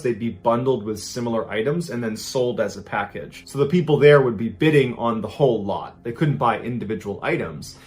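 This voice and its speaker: Male podcast host, casual storyteller, builds suspense in a conversational tone. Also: medium pitch.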